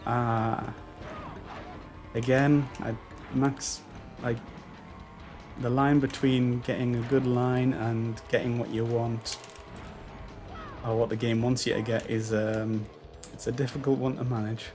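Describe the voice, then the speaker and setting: A man's voice: mid-range voice, flat delivery, slow pace, pauses often, music in the background. A man giving casual, self-deprecating commentary while playing a racing game, swearing and laughing at his own mistakes. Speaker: gaming YouTuber.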